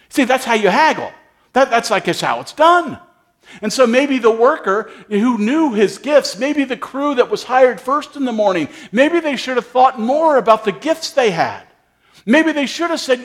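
Lively high-voiced man preaching. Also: moderate pace. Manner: storytelling, acts out dialogue in character voices. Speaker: pastor. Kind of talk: sermon.

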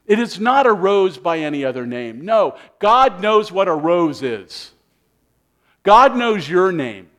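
A man preaching a sermon, animated, acting out people's inner voices with sighing asides. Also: high voice, a little slow, few pauses. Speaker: pastor.

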